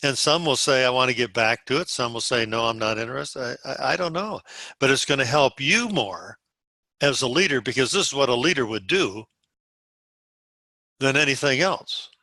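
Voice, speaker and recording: This is a man coaching his sales group over a video call. His voice is bright and forceful, recorded close with no room sound. He lays out phone scripts one step at a time, like an instructor. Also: medium pitch, animated, normal speed, no echo. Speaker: sales team leader.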